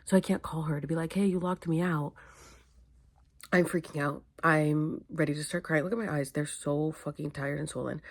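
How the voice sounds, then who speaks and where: A woman's voice: sits low, fairly even intonation. A young woman vlogging casually to a phone camera, tired and weepy, rambling and speeding up as she tells a story. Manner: emotional, rambling, fast when telling a story. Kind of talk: casual vlog.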